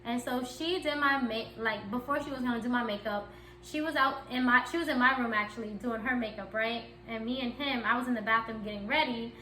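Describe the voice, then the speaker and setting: Speaking briskly in a fairly high, pushed and bright voice, a young woman vlogger shares a candid personal story. The casual storytime chat is chatty and giggly, and the room is echoey.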